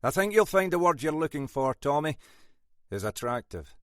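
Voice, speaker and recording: A man's voice: on the high side, big pitch swings, normal speed, a bit bright, no room sound, voice pushed up. A man voicing a brusque, scolding older Scottish male detective inspector in an audiobook. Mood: stern. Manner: brusque, scolding, dry wit. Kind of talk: audiobook character voice.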